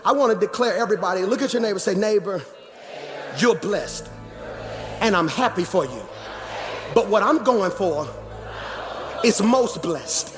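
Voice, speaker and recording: High-voiced preaching man, organ music behind. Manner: animated preaching with shouts and sing-song phrases. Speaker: pastor. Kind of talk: sermon. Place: church sanctuary.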